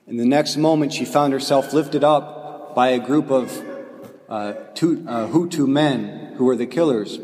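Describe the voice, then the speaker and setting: A man, a priest, telling a story in his homily with an earnest tone and slow, emphatic phrasing. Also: mid-range voice, darkish tone, in a large hall, slight background noise.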